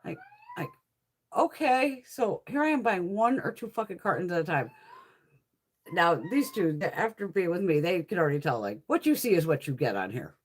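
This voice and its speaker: A woman's voice: fairly low pitch, big pitch swings, a little fast, husky. A woman from Connecticut chatting as a beauty haul vlogger, telling a story casually, swearing constantly and laughing as she talks. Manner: swears constantly, laughs through her stories.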